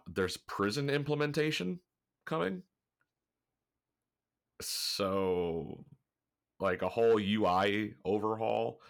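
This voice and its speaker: A man co-hosting a gaming podcast, chatting casually and a little congested, rambling and swearing as he talks. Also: lowish voice. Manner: rambling, swears freely, laughs often. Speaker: podcast co-host.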